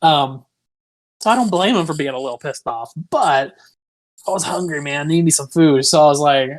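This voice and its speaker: A man's voice: on the high side, expressive, normal speed. Rambling young man telling a story. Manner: rambling, full of "like", swears freely. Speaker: podcast co-host. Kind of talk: casual podcast storytelling.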